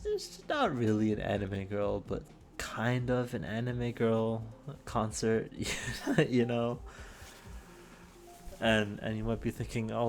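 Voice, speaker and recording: A young man hosting his own show in a casual solo monologue, rambling and self-deprecating with many restarts, a little out of breath. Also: mid-range voice. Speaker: host.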